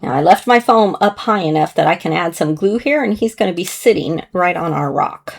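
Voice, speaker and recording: A slightly hoarse woman chatting gently through a casual crafting tutorial as she works with her hands, now and then clearing her throat. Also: fairly low pitch, lively intonation, brisk. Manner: chatty, gentle, talks while working with hands. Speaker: card-making demonstrator.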